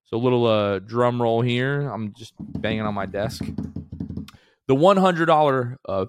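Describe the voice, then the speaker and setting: A man's voice: mid-range voice, normal speed, dry recording. A man co-hosting a casual sports podcast, talking in an upbeat, rambling way with many fillers. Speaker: podcast co-host.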